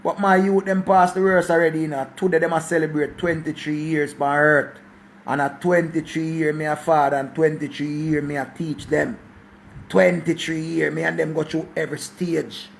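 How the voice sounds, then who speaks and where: A man's voice: on the high side, flat delivery, normal speed, gravelly, slight background noise. A Jamaican man in his forties giving a preachy life talk in a mix of patois and English, repeating himself and swearing. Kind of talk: passionate casual monologue.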